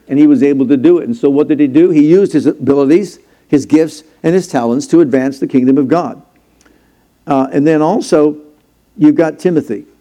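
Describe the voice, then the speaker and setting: A man in his sixties preaching a conversational sermon as pastor, acting out quoted lines and growing louder when worked up. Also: fairly high pitch. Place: church sanctuary.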